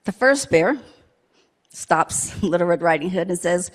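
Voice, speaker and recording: A woman's voice: fairly low pitch, animated, a little slow. A woman in a church service telling a playful story to children, asking them questions as she goes. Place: church sanctuary.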